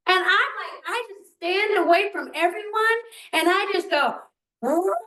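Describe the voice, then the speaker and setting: Older woman, workshop presenter, high bright voice, animated, echoey room. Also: normal speed. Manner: animated, asks the audience questions, acts out quotes. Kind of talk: live presentation to parents. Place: meeting room.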